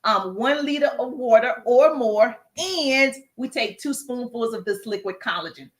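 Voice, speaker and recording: A woman with a Southern accent and a slightly high voice runs a lively livestream Q&A, cheering on the viewers and calling out their names from the chat. She is getting over a cough and talks while walking on a treadmill. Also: measured pace. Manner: upbeat, hypes viewers, greets chat by name. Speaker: livestream host, business coach. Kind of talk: live stream Q&A chat.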